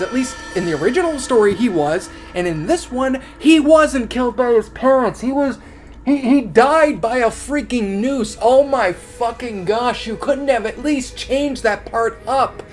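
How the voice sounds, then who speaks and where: A man's voice: extremely high pitch, animated, unhurried, faint music behind. A man commenting on a horror story as he reads it aloud, exasperated and sarcastic, swearing often.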